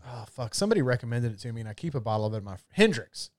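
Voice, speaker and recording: A man's voice: medium pitch, big pitch swings, racing, no echo, clean studio sound. A man chatting casually about whiskey and gin, rambling and swearing freely. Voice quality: loose, profane, rambling delivery. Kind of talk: casual chat.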